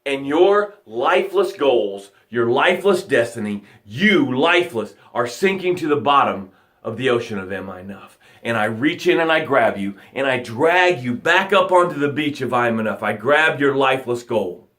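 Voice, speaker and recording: A man coaching on a live motivational broadcast, telling vivid stories with repeated phrases, and swinging from loud outbursts to hushed words. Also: medium pitch, lively intonation, normal speed.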